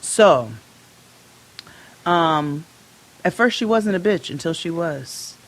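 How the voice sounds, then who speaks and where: A woman co-hosting a podcast, telling a story in a casual, profane and animated way and acting out both sides of it. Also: lowish voice, takes it slowly. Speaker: podcast co-host.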